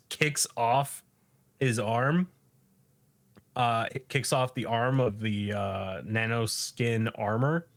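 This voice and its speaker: Slow-talking man recapping casually. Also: medium pitch, a bit bright. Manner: loose, profane, laughs often. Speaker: podcast host.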